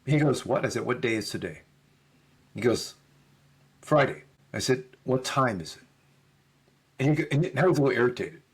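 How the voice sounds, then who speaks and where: A man's voice: mid-range voice, slightly rough. A middle-aged man, a podcast guest, telling a story in conversation and acting out both sides of the dialogue.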